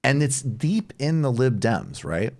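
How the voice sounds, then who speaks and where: A man's voice: medium pitch, big pitch swings, unhurried, gravelly, a little mellow. A man hosting a political talk show, chatting loosely with a guest and using many fillers. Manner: loose, digressive, lots of "like" fillers. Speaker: podcast host. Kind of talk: political commentary chat.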